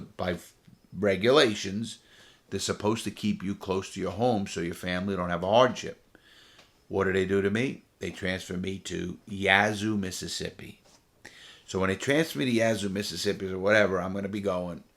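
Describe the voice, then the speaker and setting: A man's voice: sits low, creaky. A man, a former prisoner, casually telling his own story to camera, rambling and repeating phrases for emphasis.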